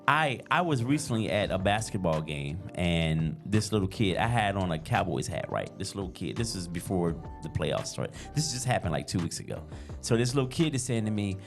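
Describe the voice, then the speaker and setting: Southern US man, fifties, podcast co-host; very expressive storyteller with a hugely varied pitch, faint music behind. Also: normal speed. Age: 50s. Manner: animated storyteller who acts out the people he quotes. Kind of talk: casual podcast chat.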